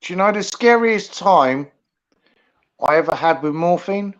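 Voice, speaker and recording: Man with a higher voice, muffled sound. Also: lively intonation, unhurried, a bit bright. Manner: chuckling, sweary anecdote teller. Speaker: protester chatting. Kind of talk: casual storytelling.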